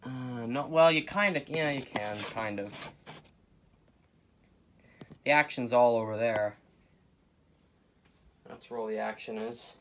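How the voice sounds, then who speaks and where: A man hosting a casual repair video, rambling and joking to his viewers as he works, often away from the camera and now and then breaking into loud bursts. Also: medium pitch, slow pace, long pauses, slight background noise. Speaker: hobbyist video host repairing a clock. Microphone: camera mic, speaker often away from camera.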